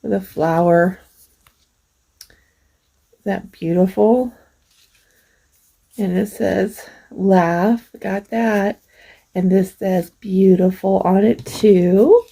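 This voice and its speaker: A middle-aged woman hosting a craft vlog, gently showing off mail she received and gushing over each piece. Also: mid-range voice, fairly even intonation, vocal fry, poor audio. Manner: slow, gentle, gushing over small things. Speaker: craft channel host. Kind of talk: casual show-and-tell vlog.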